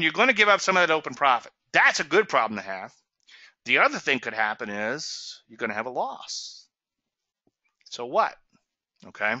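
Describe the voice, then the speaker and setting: A man hosts a trading webinar in a bright, animated voice. He drives points home in a folksy, emphatic way. The sound is dry and a little dull, like lo-fi audio. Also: on the high side, no room sound. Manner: emphatic, folksy, repeats "okay?" and "so what?". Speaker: trading show host. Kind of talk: webinar teaching on charts.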